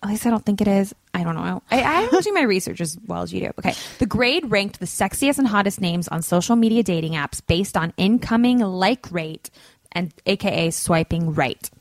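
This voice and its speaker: A woman's voice: mid-range voice, no echo. A young woman co-hosting a podcast in casual chat, talkative and full of "like". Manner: chatty, says "like" often. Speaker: podcast co-host.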